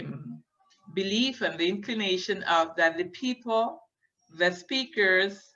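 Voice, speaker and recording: A woman giving a lecture, hesitant and filling pauses, often checking in with her listeners. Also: on the low side, sharp tone. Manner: hesitant, many fillers, checks in with "okay?". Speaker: linguistics lecturer. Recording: dull lo-fi recording.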